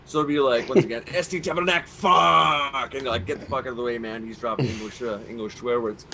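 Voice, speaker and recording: A man's voice: medium pitch, little pitch movement, fast, noisy background. A Canadian man co-hosting a live stream, telling a long profane story in casual banter. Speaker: podcast co-host.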